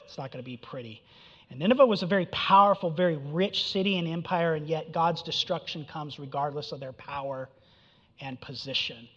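A pastor delivers a conversational sermon, frequently checking in with "right?" and "okay?". His voice is a little high and fairly quick, captured with a dull sound and long hall reverb.

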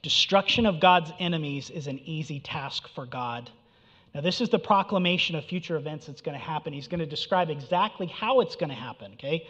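A male pastor delivers a casual, animated sermon, mocking the enemies in loud taunting bursts, then dropping to quiet, low asides. His voice sits a little high for a man. The sound is dull and lo-fi, with a long reverb from a big hall. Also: a little fast. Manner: animated, conversational, mocking voice for quoted prophecy. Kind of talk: expository sermon.

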